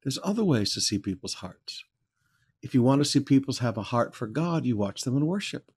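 A man preaches through a scripture passage in an easygoing, conversational teaching voice. His pitch sits in the middle of the male range, and he turns forceful and emphatic whenever he reads the verses aloud. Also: big pitch swings, brisk, husky. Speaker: pastor. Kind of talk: verse-by-verse sermon.

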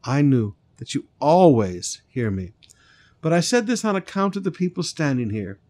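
A man's voice: fairly high pitch, very animated, normal speed, a little mellow. Male pastor preaching. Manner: preaching with rising emphasis, breaks into sung lines. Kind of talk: sermon.

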